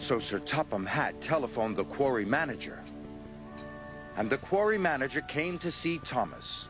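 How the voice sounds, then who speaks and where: A man narrating a children's story in a lively, expressive scripted style. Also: medium pitch, moderate pace. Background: music.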